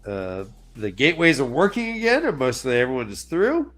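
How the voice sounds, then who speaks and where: A man's voice: mid-range voice, a little fast, faint music behind. A man co-hosting a casual podcast, animatedly retelling book chapters and swearing now and then. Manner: animated, acts out characters in exaggerated voices, swears. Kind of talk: casual group chat.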